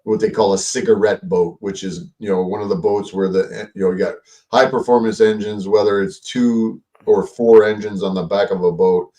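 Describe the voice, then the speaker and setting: A man's voice: fairly low pitch, steady tone, moderate pace, dark tone, distant mic. A man hosting a casual livestream, rambling and swearing, with lots of fillers and restarts. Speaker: livestream host.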